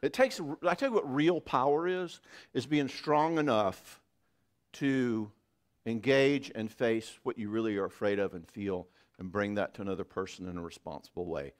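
A man's voice: on the low side, moderate pace. A man giving a marriage conference talk in a church, conversational and joking.

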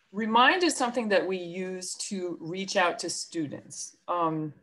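A woman's voice: fairly low pitch, fairly bright tone. A woman school counselor with a New York accent, giving a chatty presentation to parents on a video call with many fillers and self-deprecating asides.

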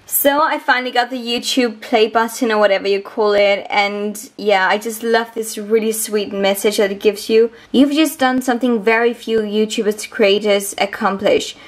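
Speaking in a steady, mid-range voice, this young native Danish beauty vlogger chats to camera from a room in her home. Her manner is bubbly and gushing, full of quick asides to viewers, and the recording has an echoey room sound.

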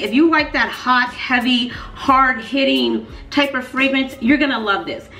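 A woman talking casually to her viewers, animated and playful, leaning on emphatic repeats. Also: high voice, measured pace, vocal fry, faint music behind. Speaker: fragrance reviewer. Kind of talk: casual vlog review. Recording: echoey room.

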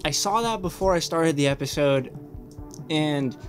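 A young man hosting a reaction channel, rambling excitedly and swearing often in casual commentary. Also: a little high, a little slow, over music.

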